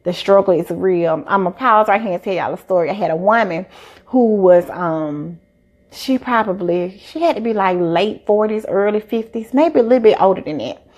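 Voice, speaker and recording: A woman's voice: medium pitch, moderate pace. A woman, a doctor chatting casually on a live stream and acting out quotes as she tells stories. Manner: animated storyteller, acts out quotes. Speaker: doctor giving health advice.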